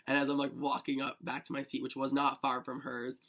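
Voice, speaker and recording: A young man telling a story to camera in a chatty, excitable vlog manner, full of "like". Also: medium pitch, brisk, creaky. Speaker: vlogger.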